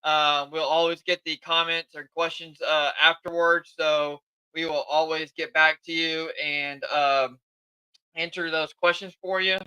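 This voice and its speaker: Guy hosting his podcast, kinda high voice, real clear, rambly and excited. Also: measured pace, no echo, rough recording. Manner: chatty and eager, self-admittedly tired. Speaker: podcast host. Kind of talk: casual live podcast chat.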